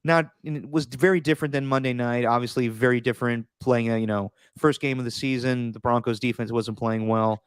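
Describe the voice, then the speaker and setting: A man's voice: mid-range voice, steady tone, a little fast, hardly any pauses, clean tone, no room sound, studio quality. A man co-hosting a casual sports talk podcast, earnest and emphatic, repeating words when worked up. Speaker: podcast co-host.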